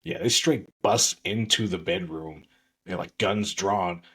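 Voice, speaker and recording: A man's voice: deep voice, a little slow, fairly bright tone, husky. A man co-hosting a podcast, casually recapping a TV episode and acting out scenes with swearing and laughter. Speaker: podcast co-host.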